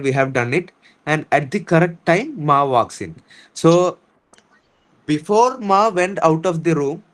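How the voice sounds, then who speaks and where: This English teacher, a man with an Indian English accent, has a slightly high voice, and the audio is poor. Reading a story during an online lesson, he goes word by word with patient explanations, speaking slowly, restarting, and frequently saying things again.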